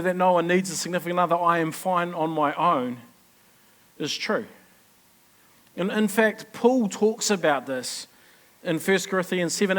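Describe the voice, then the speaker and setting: Man, pastor, high-pitched, conversational sermon, asks listeners questions. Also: bright, forceful tone. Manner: chatty, asks the congregation questions.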